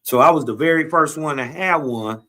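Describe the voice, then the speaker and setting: A man with a Southern US accent, a grieving guest on a livestream, talking slowly and reflectively. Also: a little high, bright, forceful tone. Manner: slow, reflective, grieving father. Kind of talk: emotional livestream talk.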